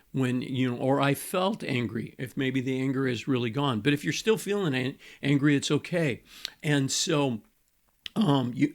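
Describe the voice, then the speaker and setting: An older man, a pastor and marriage coach, teaching couples in a conversational way, repeating key points with frequent fillers. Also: medium pitch. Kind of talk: teaching to camera.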